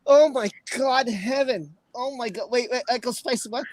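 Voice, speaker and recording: A woman's voice: fairly high pitch, moderate pace, a little mellow, no echo. A woman hosting a casual livestream, reading aloud, exclaiming often and breaking into laughter. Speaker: livestream host.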